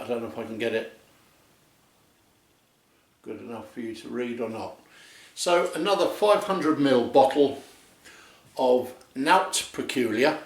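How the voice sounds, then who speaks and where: A man's voice: mid-range voice, creaky. A man hosting a casual review vlog, talking to the camera in a chatty, jokey way. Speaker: beer reviewer, channel host. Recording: echoey room.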